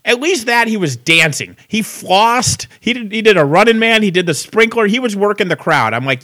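A man's voice: sits high, expressive, normal speed, few pauses, pushed and bright. A man co-hosting a podcast, chatting casually with a profane, sarcastic, ranting manner. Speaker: podcast co-host. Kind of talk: casual chat.

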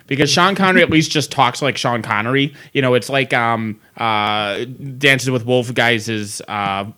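A man co-hosting a podcast in casual chat, talking in animated, profane, enthusiastic rants with bursts of laughter. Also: mid-range voice, a little slow, clear, resonant tone. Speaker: podcast co-host.

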